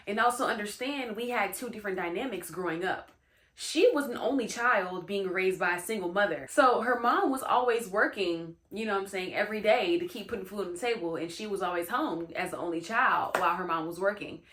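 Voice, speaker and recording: Young woman hosting a storytime vlog; chatty, slangy, bright tone. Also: mid-range voice, a little fast. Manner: chatty, slangy, lots of "you know what I'm saying". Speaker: storytime host. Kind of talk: casual storytime chat.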